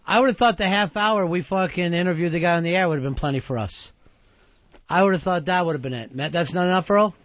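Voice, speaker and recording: A man's voice: high voice, fast talker, fairly bright tone. A man hosting a radio talk show, blustering and mock-threatening, swearing freely. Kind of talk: profane radio banter. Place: radio studio. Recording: dull archival satellite radio broadcast.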